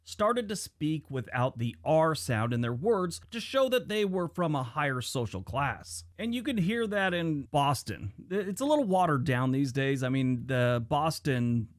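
A man narrates an explainer video, walking through his points steadily with easy conversational asides. His voice sits a bit higher than most men's, and the recording is dry and close-miked. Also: sing-song, a little slow, few pauses, no room sound. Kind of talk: scripted narration.

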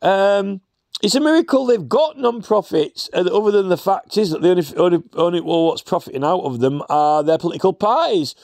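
A man's voice: sits high, expressive, a little fast, creaky, a little mellow, no echo, clean studio sound. A man delivering a rambling, sarcastic rant full of fillers. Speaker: commentator. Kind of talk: satirical rant.

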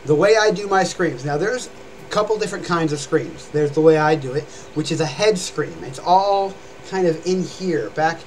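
Speaking at a normal speed in a slightly high voice, a young man rambles through a chatty live-stream lesson on screaming and growling, demonstrating as he talks. The audio is poor, with some light background noise.

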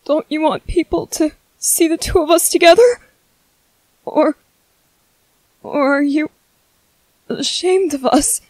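A woman voicing a timid, gentle young man who stammers softly and apologizes, in a whispered role-play. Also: sits high, takes it slowly, pauses often, no echo, rough recording. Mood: tender, shaky. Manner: hesitant, stammering, soft-spoken.

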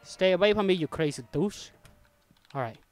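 A young gaming YouTuber speaks in a high, animated voice at a moderate pace while playing a horror game for his channel. He talks to the game's characters and is easily startled, letting out yelps and screams.

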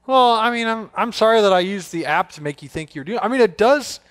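A man's voice: sits high, expressive, a little fast, fairly bright tone, no room sound, clean studio sound. Upbeat man hosting a kids show. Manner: upbeat, playful teasing. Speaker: kids church host. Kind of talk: presenting to children. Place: indoor theater stage.

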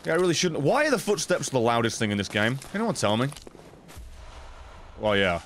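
A young man streaming live gameplay, swearing constantly, thanking donors and breaking into loud shouts. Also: medium pitch, big pitch swings, fairly quick, slight background noise. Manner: thanks chat donors between fights.

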